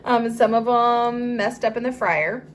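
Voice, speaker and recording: A woman hosting a casual home cooking vlog from her kitchen, chatty and quick to laugh, with frequent "um"s. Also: fairly high pitch, a little hiss or hum. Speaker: cooking vlog host and mother.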